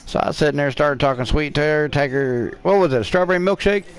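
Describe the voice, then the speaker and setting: A man's voice: a little high, quick pace. A middle-aged man streaming a game, telling crude, profane stories in a casual chat. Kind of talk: casual storytelling while gaming.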